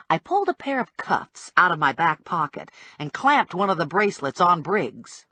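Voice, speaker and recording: Husky woman narrating an audiobook. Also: fairly low pitch, very animated, normal speed, hardly any pauses, bright, forceful tone, dry recording. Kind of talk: scripted first-person audiobook narration.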